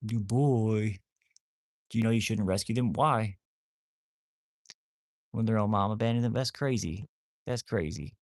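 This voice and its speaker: A man's voice: fairly low pitch, moderate pace, long pauses. A man rambling casually to viewers on a live stream about rescuing wolfdogs, often cooing at his dogs.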